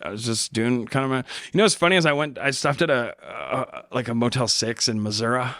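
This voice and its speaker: A man's voice: medium pitch, a little fast, a bit bright, no echo, clean studio sound. A man co-hosting a podcast, telling candid stories in a laid-back way, with swearing and jokes. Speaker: podcast co-host. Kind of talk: casual chat. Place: recording studio.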